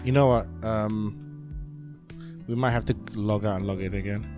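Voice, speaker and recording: A man's voice: fairly low pitch, steady tone, moderate pace, over music. A man co-hosting a casual review podcast, teasing and laughing a lot. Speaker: podcast co-host.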